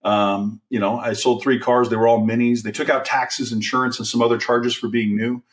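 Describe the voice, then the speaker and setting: A middle-aged man recounts his start in sales with candid energy, talking through plenty of fillers and restarts. His voice sits at an ordinary pitch for a man. He is set a little back from the microphone. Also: level tone, normal speed, distant mic. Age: 40s. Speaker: guest, car sales trainer. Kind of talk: storytelling in a podcast interview.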